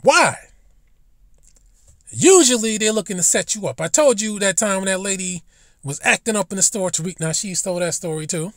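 A man's voice: sits high, quick pace, no echo, clean studio sound. A man ranting bluntly and profanely in a casual vlog monologue, recorded in a car. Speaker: vlogger.

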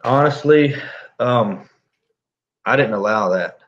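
A man, a police officer, recounting a standoff in a plainspoken, halting, reflective way. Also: medium pitch. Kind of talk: interview storytelling. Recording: dull lo-fi audio.

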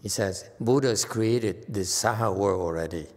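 A man's voice: on the low side, a little slow, darkish tone, big-room sound. A man giving a casual Buddhist dharma lecture, joking and teasing his listeners between points. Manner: joking, teasing the audience, chuckling.

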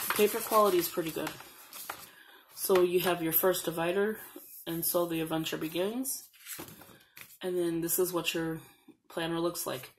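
Low-voiced woman chatting through a planner haul. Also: a little hiss or hum, rough recording. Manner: chatty, reads printed slogans aloud while flipping pages. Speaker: planner vlogger. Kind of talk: casual show-and-tell.

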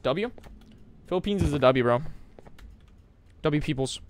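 A young man from America streaming a horror game live, shouting bursts of hype and muttering asides to chat. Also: fairly high pitch, lively intonation, a little slow.

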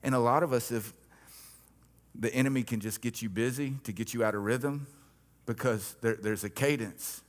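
A male pastor preaching a sermon, swinging between quiet, drawn-back lines and loud, emphatic swells, with rhythmic chanted repetitions. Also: mid-range voice, moderate pace.

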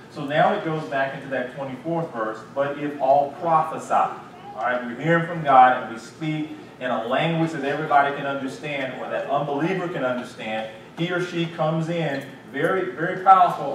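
A man, a pastor, leading a Bible study and teaching in an animated, lively way with acted-out asides. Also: medium pitch. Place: church sanctuary. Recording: echoey room, distant mic, faint hiss.

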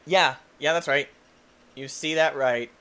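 A young man giving goofy, excitable commentary while he plays a video game, often yelping and shouting. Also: fairly high pitch, unhurried, clean tone. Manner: goofy and excitable, shouts and yelps, silly quoted voices. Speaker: gaming YouTuber. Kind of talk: energetic gameplay commentary.

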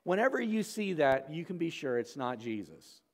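Male pastor, conversational verse-by-verse preaching, slightly high voice, long church-hall echo. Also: very animated, normal speed. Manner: conversational, asides with "okay?" and "right?". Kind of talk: expository sermon. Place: church sanctuary.

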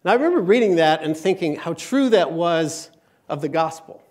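Animated storytelling man in his forties. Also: on the high side, moderate pace. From Michigan. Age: 40s. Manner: storytelling, humorous, builds to loud emphatic peaks. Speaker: speaker at a church conference. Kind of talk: inspirational talk to a live audience.

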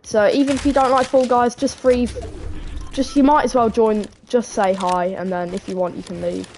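A woman's voice: fairly high pitch, fairly even intonation, normal speed, darkish tone, slight background noise. A woman live-streaming a video game, chatting casually and greeting viewers by name. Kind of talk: live gameplay commentary. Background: background music.

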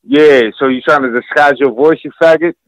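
A man's voice: a little high, steady tone, fairly quick, no room sound, poor audio. A middle-aged man calling in, furious, swearing and making threats. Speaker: angry caller.

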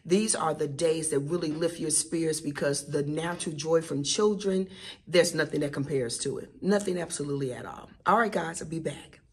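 A middle-aged woman teacher and mom chatting casually to her viewers in an expressive, talkative way. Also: sits low, moderate pace, slight background noise. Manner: chatty and expressive, addresses viewers warmly as "baby" and "y'all". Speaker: elementary school teacher and mom. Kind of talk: casual vlog chat.

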